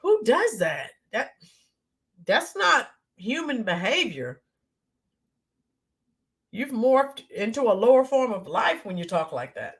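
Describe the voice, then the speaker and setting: Woman, livestream host, fairly high voice, halting delivery with many ums, reads chat names aloud. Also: big pitch swings. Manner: talks to viewers by name, halting with many ums. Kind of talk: casual livestream commentary.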